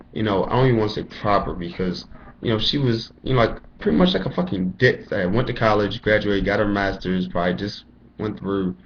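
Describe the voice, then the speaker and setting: A man's voice: on the low side, highs cut off, a little hiss or hum. A young man, a college student, telling his story in a rambling, profane rant full of fillers, recorded indoors on a camera mic. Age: young adult. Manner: profane, rambling, lots of "you know" fillers. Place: indoors at home, dim room.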